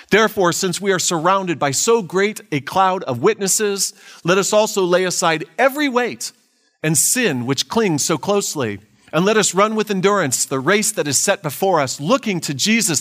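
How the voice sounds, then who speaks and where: A man's voice: high voice, a bit bright. A man preaching a sermon, earnest, reading scripture aloud and asking his listeners rhetorical questions. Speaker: pastor.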